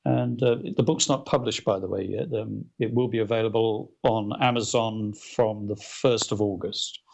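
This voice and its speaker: A male author as a guest, telling anecdotes in a casual interview, animated, with many restarts and fillers. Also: on the low side, normal speed, gravelly.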